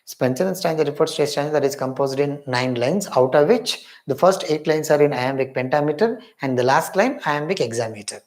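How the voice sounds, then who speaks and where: A man's voice: fairly high pitch, animated, a little fast, few pauses, a little mellow. A man with an Indian English accent giving an exam-prep literature lecture, emphatic, repeating key points and calling viewers his friends.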